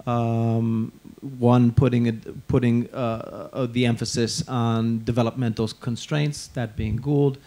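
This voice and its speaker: A man moderates a conversation before an audience. He thinks aloud, pads his phrases with fillers, and his voice is dark and mellow. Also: medium pitch, little pitch movement, slow, few pauses. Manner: musing, with many fillers. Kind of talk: conversational public talk.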